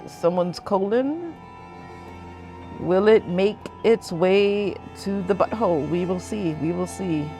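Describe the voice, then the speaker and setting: A woman's voice: mid-range voice, slow pace, mellow, faint music behind. A woman hosting a let's play, giving rambling, jokey commentary as she plays. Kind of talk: casual game commentary.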